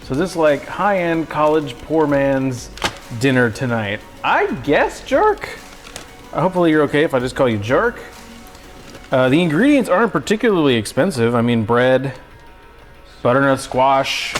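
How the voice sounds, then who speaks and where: A man's voice: medium pitch, big pitch swings, moderate pace, soft background music. A young man hosting a cooking livestream from his home kitchen, joking with viewers in a goofy, self-mocking way. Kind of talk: casual cooking livestream chat.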